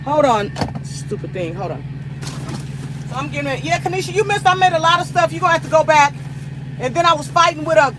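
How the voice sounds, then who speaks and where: Chatty high-voiced woman trucker livestreaming. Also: very fast, noisy background. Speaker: long-haul truck driver and livestream host. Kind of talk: casual livestream chat to viewers.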